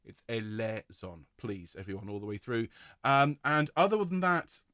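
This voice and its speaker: A man's voice: medium pitch, very animated, moderate pace, no room sound, studio quality. A man leading an online choir rehearsal, speaking with enthusiasm and praise and now and then singing a vowel to show it. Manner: enthusiastic, warm praise, demonstrates sung vowels. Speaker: choir director.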